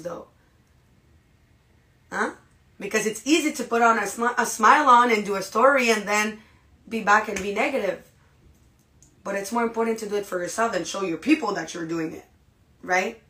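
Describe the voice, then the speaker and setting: A woman hosting a podcast, giving a motivational monologue straight to her listeners, dramatic and animated, with many rhetorical questions. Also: mid-range voice. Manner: animated and dramatic, acts out inner voices. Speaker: podcast host.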